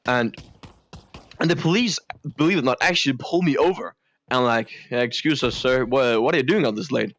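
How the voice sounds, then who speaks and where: A man telling long deadpan joke stories that all end on the same pun, rambling with many fillers and restarts. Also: mid-range voice, a little fast. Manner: rambling, filler-heavy, repeats the same punchline. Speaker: joke teller.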